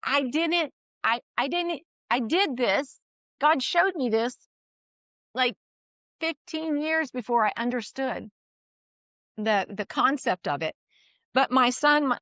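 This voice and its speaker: A middle-aged woman tells a personal story in relaxed conversation, with a slightly high voice. She is animated and often restarts her sentences, with bits of laughter in between. The sound is dry and a little dull. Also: no room sound. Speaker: guest sharing a parenting story.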